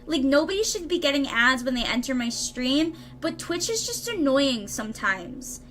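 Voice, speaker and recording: A woman's voice: sits high, sing-song, moderate pace, few pauses. A young woman live-streaming tarot readings, rambling casually to her viewers with lots of fillers. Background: lawn mower noise outside.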